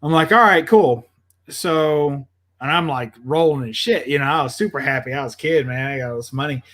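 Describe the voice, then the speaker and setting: Rambling through a long story full of fillers, this man, a podcast host, chats casually and acts out the quotes of the people involved. He speaks a little fast in a mid-range, slightly bright voice with fairly even intonation.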